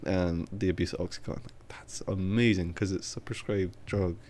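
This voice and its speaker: A man's voice: low-pitched, steady tone, moderate pace, a little mellow, slight background noise. A young man co-hosting a podcast, chatting casually with dry, offhand humor. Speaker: podcast co-host. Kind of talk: casual chat.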